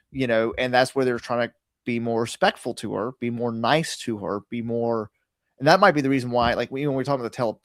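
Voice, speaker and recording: A mid-pitched man muses out loud on a podcast, joking and wandering through his thoughts with many fillers. The sound is dry and close, with no room echo. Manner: rambling, jokey musing with many "like"s. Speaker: podcast co-host. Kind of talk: casual chat.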